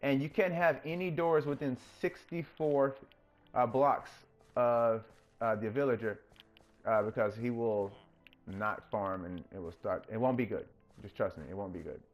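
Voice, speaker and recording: A man hosting his own gaming channel, chatting casually through his gameplay and getting openly excited when things work. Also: a little slow, soft background music. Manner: coaxes the game character in a higher, playful voice.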